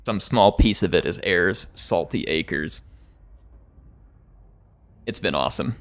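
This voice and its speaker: Slow and expressive, this low-pitched American man streams a strategy game while chatting in a loose, meandering way. His accent is close to neutral General American with a touch of drawl, and he chuckles frequently.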